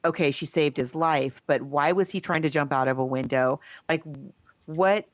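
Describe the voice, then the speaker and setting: Low-voiced woman retelling a film. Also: normal speed, dry recording. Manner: rambling storyteller who acts out quotes. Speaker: podcast co-host. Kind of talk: casual chat, retelling a film plot.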